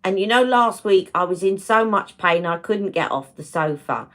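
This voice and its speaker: A woman hosting a casual beauty livestream, chatting warmly and greeting viewers by name as she talks. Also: lowish voice, expressive, moderate pace, hardly any pauses. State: emotional, close to tears.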